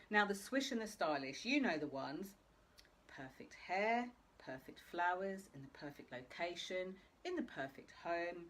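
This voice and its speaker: A woman hosting a live video talk, speaking straight to her viewers in a chatty way. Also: on the low side. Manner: chatty, addresses viewers directly. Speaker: host.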